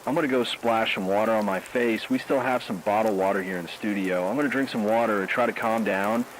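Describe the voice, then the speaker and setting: A man's voice: on the low side, fast talker, slight background noise, natural voice, rough recording. A man playing a frightened radio DJ who talks in a grim, shaken and despairing way during a radio drama. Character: male radio host, scared and grief-stricken.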